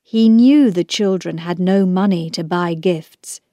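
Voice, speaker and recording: Slow, careful female narrator for a children's book, dry close sound. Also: on the low side, warm tone, no echo. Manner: slow, clear, measured reading.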